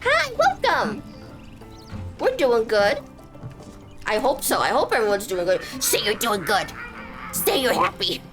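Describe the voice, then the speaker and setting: Young woman streamer rambling and joking over a game, slow talker, quiet game music behind. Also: medium pitch, big pitch swings. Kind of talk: casual game commentary. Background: soft game music.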